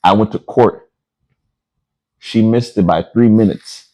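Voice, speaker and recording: A man's voice: lowish voice, slow, rough recording. A man hosting a podcast, telling a story in casual chat and acting out the people in it. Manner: animated, acts out the people in his stories. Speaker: podcast host.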